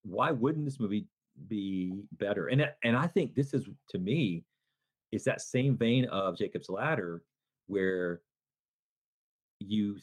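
An animated man chatting on a movie podcast, his pitch leaping up and down as he retells a scene. He rambles and restarts, and he jumps into a high, loud voice whenever he acts out a character. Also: takes it slowly. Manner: rambling with many restarts and fillers. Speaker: podcast co-host. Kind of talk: casual movie podcast chat.

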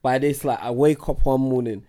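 A man's voice: medium pitch, steady tone, normal speed, dark tone. A man, a podcast guest, giving blunt, scornful opinions in casual chat. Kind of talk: casual banter.

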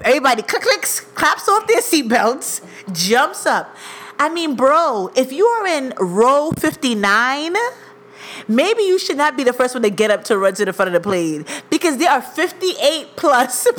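Animated woman telling stories. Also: sits high. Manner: animated, acts out quoted voices. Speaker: podcast co-host. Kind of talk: casual chat, storytelling.

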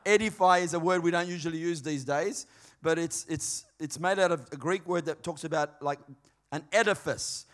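A man preaching a sermon in a conversational, emphatic way, swinging between quiet and loud. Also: a little high, normal speed. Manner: conversational, emphatic, varied dynamics.

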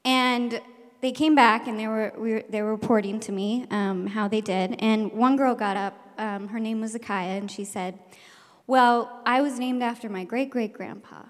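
A woman, a teacher, telling a personal story live on stage, animated and laughing, acting out the shouted lines. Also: medium pitch, moderate pace. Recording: long hall reverb.

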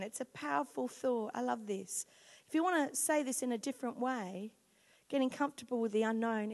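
A woman in her forties, a pastor giving a lively, emphatic sermon to her congregation. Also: sits high. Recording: long reverb of a large hall.

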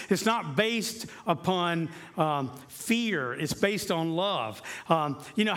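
A man preaching a sermon as a pastor. He talks earnestly, repeating key phrases and slowing down to stress them. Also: on the high side, animated, fairly bright tone.

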